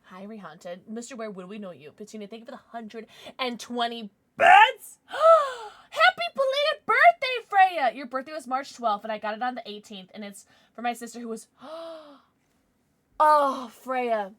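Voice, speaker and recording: A young woman streaming live, chatting casually with her chat, thanking viewers and squealing with excitement. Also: a little high, brisk.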